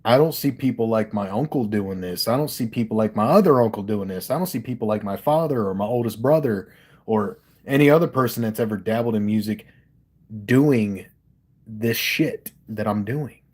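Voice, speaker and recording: A man's voice: fairly low pitch, moderate pace, a little mellow, husky. A man from Delaware hosting a casual livestream, talking candidly and with lots of swearing about his music into a studio microphone. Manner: candid, profane, emphatic. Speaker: livestream host and rapper.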